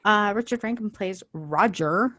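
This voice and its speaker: A woman's voice: mid-range voice, a little slow, bright, forceful tone, dry recording. Blunt, joking woman. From Canada. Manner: joking, blunt, laughs often. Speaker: podcast co-host. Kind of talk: casual chat.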